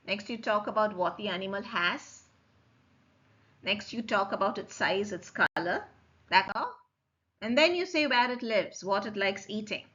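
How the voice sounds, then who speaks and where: A woman teaching French in a recorded lecture, explaining slowly, repeating forms and checking that students follow. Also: mid-range voice, animated, a bit bright. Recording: dull lo-fi recording.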